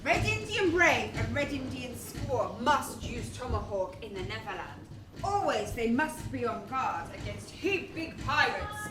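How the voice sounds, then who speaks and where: A woman's voice: on the high side, lively intonation, unhurried, very noisy. A woman doing a declaiming comic panto tribeswoman. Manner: exaggerated, declaiming broken speech. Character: comic bossy tribal woman in broken speech. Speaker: amateur stage actor. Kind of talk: pantomime stage acting. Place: community stage hall. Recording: echoey hall from far off, loud music and crowd.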